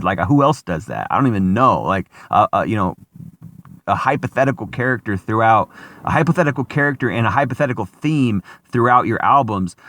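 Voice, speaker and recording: Guy rambling outdoors, swears a lot, bright voice, dry close sound. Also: mid-range voice, dry recording. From Washington State, US. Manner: rambling, profane, lots of fillers and restarts. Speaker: vlogger. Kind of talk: casual rambling monologue. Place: outdoors, in a spot with passing traffic.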